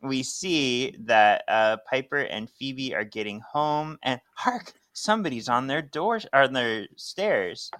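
A man's voice: medium pitch, takes it slowly, few pauses, clean tone, no room sound. A man co-hosting a podcast, casually chatting and narrating a comic. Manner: chatty, animated, laughing. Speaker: podcast co-host. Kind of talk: casual comic read-along.

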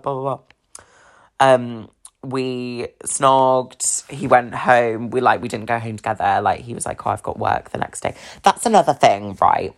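A woman's voice: very deep voice, moderate pace. Chatty, swearing British woman telling dating stories. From England. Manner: chatty, fillers like "like", swears freely, laughs mid-story. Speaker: podcast host. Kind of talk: casual storytelling about dating.

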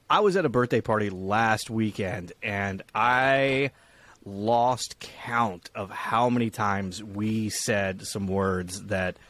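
A man's voice: on the low side, a bit bright, dry recording. A young man co-hosting a podcast in casual chat, rambling with restarts and swearing freely. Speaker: podcast co-host.

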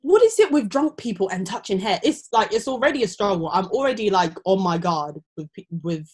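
A woman's voice: a little fast, slightly rough. A young woman, chatting casually and telling stories, often acting out other people's voices. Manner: animated storytelling, acting out quoted people in high voices. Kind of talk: casual chat.

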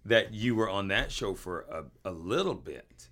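A man hosting a casual interview chat, enthusiastic and joking, quick to laugh. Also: sits low, animated, a bit bright. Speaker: podcast host.

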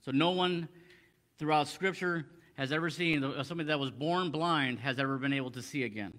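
A man's voice: fairly high pitch, fairly quick, a bit bright. A man teaching a Bible passage in a conversational sermon, reading verses aloud and explaining them with frequent restarts. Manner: conversational, many restarts, quoting scripture in old English. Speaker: preacher.

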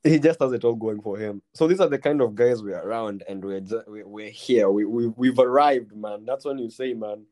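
A young man with a Kenyan accent, hosting a casual podcast chat and telling a story, full of "bro" and "man" and quick restarts. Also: lowish voice, warm tone. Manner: slangy, repeats "bro" and "man", many restarts. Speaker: podcast host.

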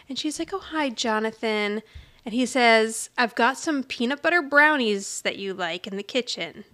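A woman's voice: on the high side, normal speed. A woman co-hosting a podcast, retelling a sitcom episode in casual chat and acting out the characters' lines. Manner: animated retelling, acting out quoted lines with light laughter.

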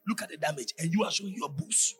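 A man preaching a fervent sermon, often shouting and sliding into a sing-song cadence. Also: fairly high pitch, fast.

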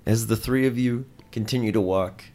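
A man narrating a tabletop role-playing game as game master, describing scenes in a relaxed storytelling way. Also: lowish voice, normal speed.

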